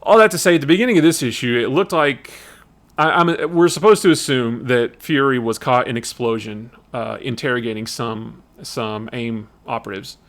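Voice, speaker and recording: A man hosting a casual comic review livestream, talking in a rambling, animated way with many restarts. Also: medium pitch, moderate pace. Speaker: comic book streamer.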